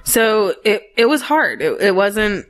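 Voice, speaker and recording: A woman with a middle-pitched voice chats on a podcast as co-host. She talks eagerly and throws in teasing asides, swearing casually along the way. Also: very animated, takes it slowly. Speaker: podcast co-host, mother of four.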